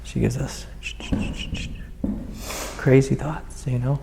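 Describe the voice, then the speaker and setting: A man with a gravelly, mellow voice guides a student as a spiritual teacher. He speaks gently and soothingly, with a long reverb from the hall around him. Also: medium pitch, level tone, slow pace, a little hiss or hum. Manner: gentle, soothing, calls the listener sweetie. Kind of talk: satsang guidance to a student.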